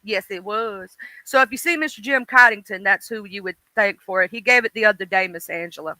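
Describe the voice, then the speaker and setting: Livestream host, male, Mississippi Deep South accent, folksy and rambling, very bright voice with a smooth, clean tone. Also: brisk, no room sound. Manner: rambling, folksy, talks straight to chat by name. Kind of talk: casual livestream chat with viewers.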